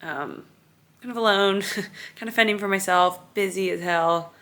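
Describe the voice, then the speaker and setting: A woman's voice: mid-range voice, unhurried, pushed and bright. A woman in her thirties, a vlogger and mother, talking in a tired, emotional, rambling way at home in her apartment during a move. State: weary and overwhelmed. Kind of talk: confessional vlog chat.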